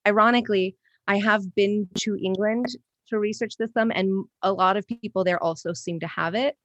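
A woman appearing as a guest on an improvised comedy podcast, playing a persona in a matter-of-fact, deadpan way. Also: mid-range voice, normal speed, no room sound, muffled recording.

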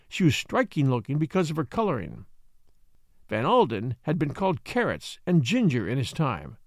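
A man narrating an audiobook in a measured, expressive storytelling manner. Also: a little high, no echo, clean studio sound. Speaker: audiobook reader.

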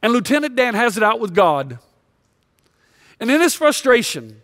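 A male pastor preaches a sermon built around a confessional personal story, moving between loud emphasis and hushed moments. His very high voice is sing-song and a little slow, with frequent pauses, captured in studio quality with no room sound.

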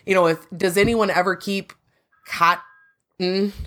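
Low-voiced woman, chatty market talk. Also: moderate pace, fairly bright tone. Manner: chatty, self-deprecating, questioning. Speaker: agricultural market analyst, co-host. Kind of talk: casual podcast chat.

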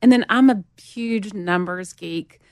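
A music promotion veteran in her forties from Montgomery, Alabama, speaks with a Southern US accent as a guest in a casual storytelling interview. She tells lively, animated stories a little slowly, acting out quotes in a higher voice, and the studio sound is clean with no echo.

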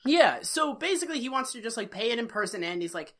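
A woman with a bright, clear voice talks through an old sitcom episode in casual podcast chat. She swears freely and jokes as she goes, slipping into quick impressions of the characters. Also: mid-range voice. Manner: profane, joking, animated retelling. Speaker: podcast co-host.

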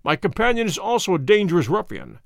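A man voicing a cool, firm master detective who speaks briskly and with authority. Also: high voice, sing-song, creaky, dry recording, studio quality, full character voice.

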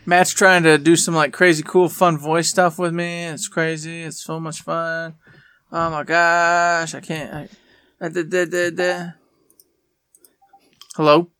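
A man's voice: on the high side, little pitch movement, slow, a bit bright, smooth. Puzzled man muttering over voice chat. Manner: puzzled, talks to himself, makes silly sound effects. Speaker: friend in a voice chat. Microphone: headset.

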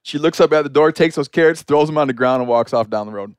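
A man hosting a podcast, telling an anecdote in a chatty, animated way full of "like" fillers. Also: fairly high pitch, fast talker, clear, resonant tone, no echo, studio quality. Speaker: podcast host. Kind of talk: casual storytelling conversation.

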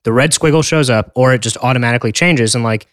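A podcast co-host chats casually, tossing in wry, joking asides. His voice sits at medium pitch with a fairly bright tone, and he talks fast. The recording is studio quality, with no room sound.

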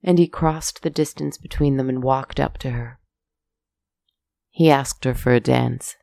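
A woman narrating a fairy tale aloud in a measured, soft-spoken way. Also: a bass voice, fairly even intonation, vocal fry, no room sound. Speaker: storyteller.

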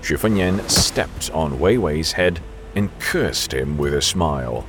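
A man narrating a novel as an audiobook in a measured storytelling manner. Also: a bass voice, lively intonation, over music.

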